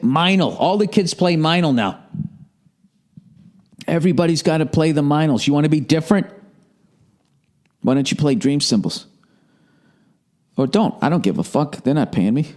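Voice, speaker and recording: A man's voice: a little high, darkish tone. A man talking in a rambling, profane monologue as a podcast host, his voice a little sore and a cough drop in his mouth.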